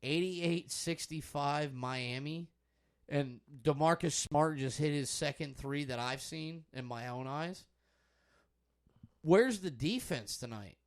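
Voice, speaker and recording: A man's voice: on the high side, takes it slowly. A young man hosting a podcast, chatting casually and swearing loosely while he watches a basketball game. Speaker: podcast host.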